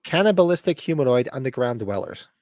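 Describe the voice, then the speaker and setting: A man's voice: medium pitch, fast talker, no echo. Middle aged podcast guy rambling, voice all over the place, dry close sound. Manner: animated, laughing, trails into tangents. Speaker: podcast co-host. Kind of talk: casual chat.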